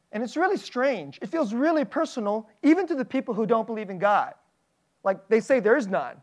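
Pastor preaching, animated and chuckling, lots of questions to the congregation, mid-range voice. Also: medium pitch, a little fast. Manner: animated, laughs often between phrases; asks the audience many questions. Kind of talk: sermon.

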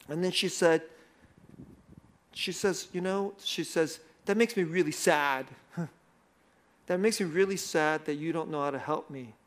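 A middle-aged man, a pastor, preaching a sermon and telling a self-deprecating personal story in a conversational way, often laughing. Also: on the high side.

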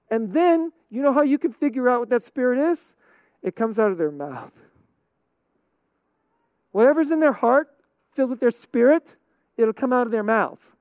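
Woman pastor preaching casual, laughs a lot, keeps asking okay?, bit high voice, dry sound. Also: a little mellow, dry recording. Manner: conversational, laughs often, repeats "okay?". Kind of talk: sermon.

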